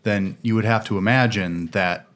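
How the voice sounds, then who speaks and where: A man with a lowish voice on a casual podcast. He jokes around and explains things with easy confidence. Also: moderate pace, fairly bright tone. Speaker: podcast co-host. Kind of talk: casual chat.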